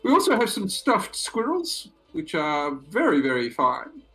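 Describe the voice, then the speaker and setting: Man in falsetto as an eager female innkeeper. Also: wildly swooping pitch, unhurried, a bit bright, faint music behind, exaggerated voice, rough recording. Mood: eager hostess. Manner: falsetto, chatty and accommodating.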